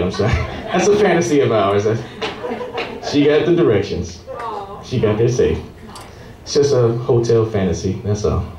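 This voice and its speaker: A man doing a stand-up comedy set, telling hotel stories and acting out the guests. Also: medium pitch. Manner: animated storytelling, acting out hotel guests and singing waiters. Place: comedy club stage. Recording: roomy club sound from a distant mic.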